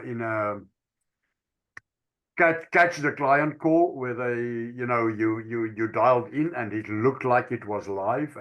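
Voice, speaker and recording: A man, taking part in a casual group call, talking in a halting, playful way. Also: medium pitch, a bit bright. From South Africa. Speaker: call participant.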